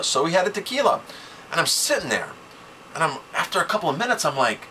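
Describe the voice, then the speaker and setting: A man's voice: mid-range voice, sing-song, quick pace, pushed and bright, slight background noise, low-quality recording. A man who runs a restaurant, talking to camera with business advice in a conversational, emphatic way, repeating key phrases. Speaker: restaurant owner and chef.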